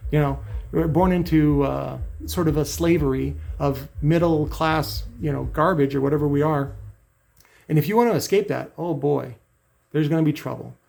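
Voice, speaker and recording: A middle-aged man vents in a blunt, profane vlog rant. His voice sits a bit high for a man and has a gravelly, rough edge. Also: moderate pace, darkish tone. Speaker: channel host.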